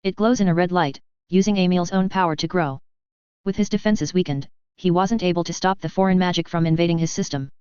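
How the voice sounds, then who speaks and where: A woman with a low, very clean voice reads a fantasy story in first person. Her delivery is even and measured. The recording is dry and a little dull. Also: clean tone, no room sound. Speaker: audiobook narrator. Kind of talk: scripted first-person narration. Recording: slightly dull, dry audio.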